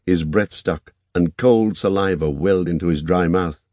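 A man narrating an audiobook in a calm, measured reading. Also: deep voice, no room sound.

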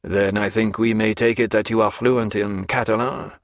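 A man voicing a stern middle-aged army major who questions a prisoner in a cold, formal, measured way. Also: fairly low pitch, steady tone, no echo, clean studio sound, lightly acted.

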